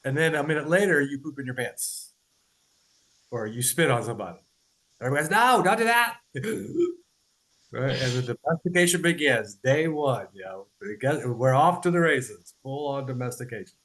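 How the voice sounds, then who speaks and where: A man's voice: medium pitch, animated, a little fast, a bit bright, low-quality recording. Casual, loose-talking man on a podcast. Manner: loose and conversational, swears, laughs, keeps asking "right?". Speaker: podcast host. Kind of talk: casual explanatory podcast talk.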